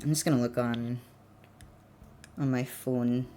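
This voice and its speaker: A woman livestreaming, chatting casually with viewers, laughing often and breaking into excited bursts. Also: extremely low pitch, unhurried, a little hiss or hum. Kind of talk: casual live-stream chat.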